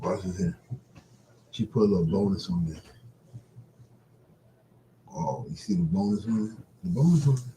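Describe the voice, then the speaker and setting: A man's voice: low-pitched, normal speed, pauses often, warm tone, slight background noise, poor audio. A man hosting a casual live stream. He chats loosely with his viewers, laughs often and reads Bible passages aloud. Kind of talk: casual chat and Bible reading.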